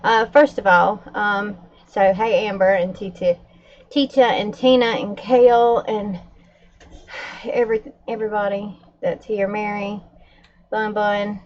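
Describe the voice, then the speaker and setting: A woman's voice: medium pitch, a little slow, muffled recording. A woman livestreaming to her viewers in casual chat, a little out of breath and upset. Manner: upset, talking to viewers while calming pets.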